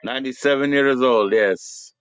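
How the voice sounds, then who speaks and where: A man's voice: mid-range voice, moderate pace, a bit bright, clear, resonant tone, dry recording. A man hosting a live stream, rambling in profane casual chat and laughing often.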